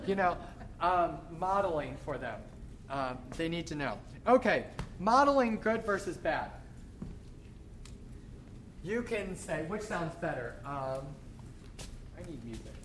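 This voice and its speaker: Male choir director, lively workshop teacher who sings examples; noisy live recording. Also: a little high, slow pace, long pauses. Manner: animated, demonstrates by singing phrases.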